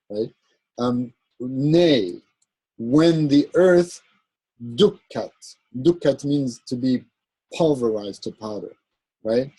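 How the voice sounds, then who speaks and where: A man's voice: medium pitch, dark tone, breathy edge, no echo, low-quality recording. A man teaching an Arabic grammar class, explaining patiently and often checking in with "right?" as he goes. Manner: halting, with fillers and self-corrections. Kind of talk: classroom lecture.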